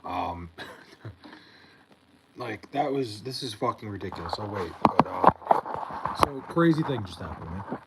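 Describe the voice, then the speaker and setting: A man's voice: lowish voice, lively intonation, slow pace, gravelly, long pauses, heavy background noise. A tired young man livestreaming from his bedroom late at night, swearing and rambling about something that annoyed him. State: tired, just woken up.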